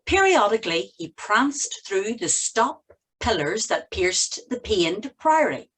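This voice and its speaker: A woman's voice: mid-range voice, very animated, slow pace, a bit bright, breathy edge, low-quality recording. A woman taking part in a presentation workshop, hesitant and checking instructions before reading a passage aloud. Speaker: workshop participant.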